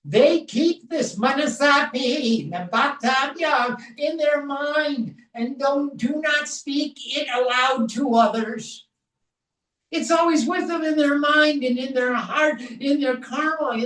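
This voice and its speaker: A woman's voice: high voice, fairly bright tone. A woman teaching a scripture class, speaking emphatically and explaining Sanskrit verses phrase by phrase. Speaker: spiritual teacher. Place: temple hall. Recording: echoey room, voice from far off.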